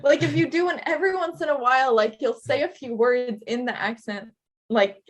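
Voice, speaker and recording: A woman's voice: high voice, brisk. A young woman guesting on a casual podcast chat, giggling and amused as she talks.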